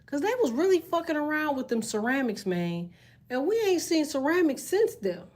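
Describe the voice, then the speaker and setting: Woman streamer, AAVE speaker, animated and profane storyteller, slightly high-pitched. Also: moderate pace. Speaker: live streamer reading chat. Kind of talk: casual storytelling chat.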